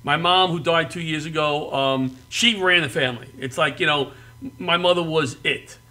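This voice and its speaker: A middle-aged man telling animated stories as a talk show guest, laughing and getting loud as he acts out quotes. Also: fairly high pitch, normal speed. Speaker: comedian guest.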